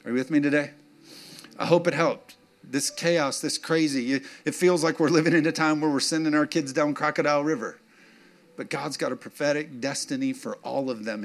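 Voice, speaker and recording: An emotional man preaching a sermon in a loose, conversational way, with laughing asides to the people in front of him. His voice sits at an ordinary middle pitch for a man. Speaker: pastor.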